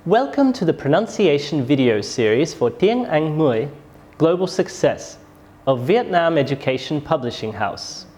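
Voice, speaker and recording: The speaker is a pronunciation teacher, and the voice is mid-range with a darkish tone. Following a script, they demonstrate English sentences, exaggerating the rises and falls with care.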